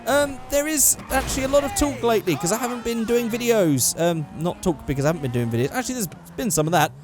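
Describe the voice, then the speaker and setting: High, lively gaming YouTuber. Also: male voice, fast, noisy background. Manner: rambling, self-correcting, swears casually. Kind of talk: casual gameplay commentary.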